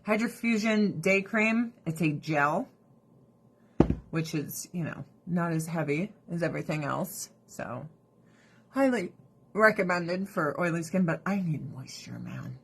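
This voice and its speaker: A woman's voice: fairly low pitch, a little slow, background noise. A woman vlogger chatting through her skincare routine, profane and sarcastic, breaking into mocking voices. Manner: animated, drops into mocking voices. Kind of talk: casual rant during a skincare routine.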